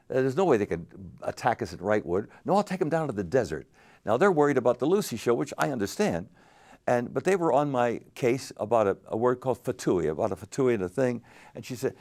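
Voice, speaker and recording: An older man, a game show host, telling stories in an interview with lively animated delivery. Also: on the low side, gravelly. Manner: animated anecdotal storytelling with laughs. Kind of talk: storytelling interview.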